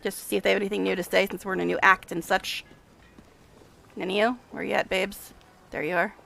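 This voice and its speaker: A woman's voice: mid-range voice, flat delivery, a little fast, vocal fry, a bit bright. A woman streaming a game, making giggly, amused casual asides. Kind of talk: casual commentary while playing.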